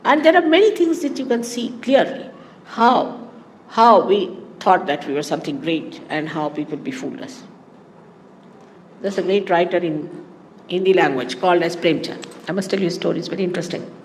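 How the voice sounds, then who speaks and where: Speaking at a moderate pace in a fairly low voice, an Indian woman who is a spiritual teacher talks to her followers. She wanders through anecdotes with digressions and asides, and the recording has the echo of a hall plus faint background noise.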